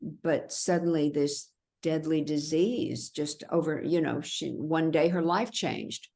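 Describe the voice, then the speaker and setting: A woman's voice: low-pitched, slow pace, vocal fry, a little mellow. A woman being interviewed about her memoir, speaking earnestly and reflectively, often stopping and restarting her sentences. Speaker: interview guest, memoir author. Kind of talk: conversational interview.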